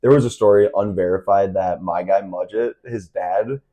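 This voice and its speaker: Young dude, lowish mellow voice, jokey podcast cohost throwing in questions. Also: male voice, steady tone. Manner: joking interjections, laughs often, quick questions. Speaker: podcast co-host. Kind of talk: casual chat.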